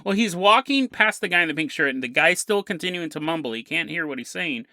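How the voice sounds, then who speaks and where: A man hosting a podcast, narrating a strange story in an animated, joking, conversational way. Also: a little high, quick pace, no echo, studio quality. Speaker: podcast host.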